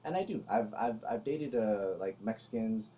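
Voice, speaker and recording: A young man co-hosting a podcast in casual chat, pushing himself to talk louder than he normally does and telling stories with animation, close to the mic. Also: fairly low pitch, expressive, normal speed. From Salvadoran family in the United States. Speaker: podcast co-host.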